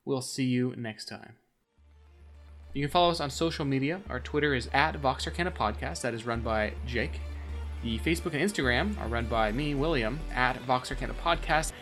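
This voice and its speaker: A man hosting a podcast, reading out listener reviews and the sign-off in a brisk announcing way. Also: medium pitch, fairly bright tone, soft background music. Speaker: podcast host.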